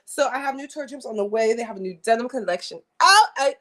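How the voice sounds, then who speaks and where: A woman's voice: fairly high pitch, lively intonation, fairly quick, bright, forceful tone. A young woman chatting frankly and animatedly to viewers on a livestream, often repeating herself for emphasis. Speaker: livestream host. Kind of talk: casual livestream chat. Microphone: streaming setup.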